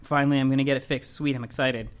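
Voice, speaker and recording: A man's voice: medium pitch, flat delivery, very fast, smooth. A man co-hosting a podcast, telling rambling, self-mocking stories in casual chat. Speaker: podcast co-host.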